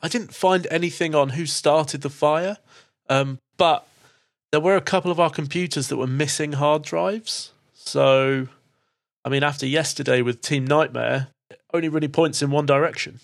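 A shaken young woman researcher, tearful and apologetic, speaking in a raised, breathless voice, as a man puts her on. Her talk comes in eager rushes. She is a figure in a tabletop role-play. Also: fairly high pitch, steady tone, vocal fry.

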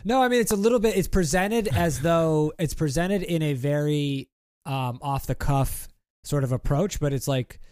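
A man's voice: a little high, moderate pace, few pauses, darkish tone, no echo, studio quality. A man co-hosting a casual podcast chat, rambling with lots of fillers and restarts. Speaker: podcast co-host.

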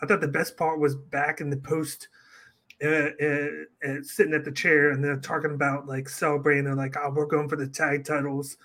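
A man on a casual podcast, retelling events in an animated way and acting out what others said. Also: fairly high pitch, moderate pace. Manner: animated storytelling, acts out quotes. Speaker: podcast co-host. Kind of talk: casual wrestling podcast chat.

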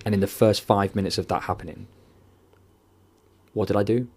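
A man telling a painful personal story in an interview, emotional and near tears, halting and swearing often. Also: on the low side, steady tone, a little mellow, husky. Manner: candid, heavy swearing, halting restarts. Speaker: podcast guest.

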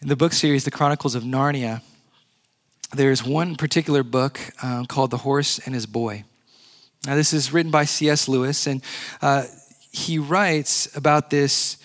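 A man's voice: fairly high pitch, fairly bright tone. A man preaching a sermon, earnest and repeating key phrases for emphasis. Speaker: pastor.

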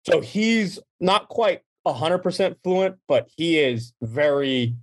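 Excitable young man telling rowdy stories. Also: fairly high pitch, takes it slowly. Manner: profane, animated storytelling with acted quotes. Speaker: podcast co-host. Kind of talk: rowdy casual chat.

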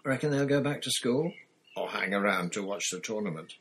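A man's voice: fairly low pitch, animated, a little fast, a bit bright, breathy edge, heavily acted. A man reading aloud, voicing a blunt, wry teenage boy.

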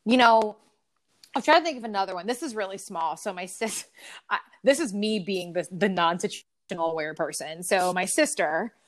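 A woman co-hosting a casual podcast, telling stories in an animated, swearing rant. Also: mid-range voice, normal speed. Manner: animated storytelling with frequent swearing. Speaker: podcast co-host. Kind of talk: casual ranting chat.

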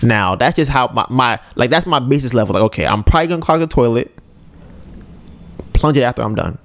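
A man co-hosting a casual podcast, telling a joking, animated story about home life. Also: mid-range voice, fairly quick, no echo. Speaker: podcast co-host.

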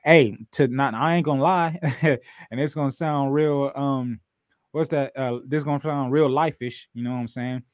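Male podcast host, middle pitch, relaxed and jokey, dry room. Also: normal speed, no echo. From US West Coast. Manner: laid-back, joking, frequent laughs and restarts. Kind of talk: casual chat.

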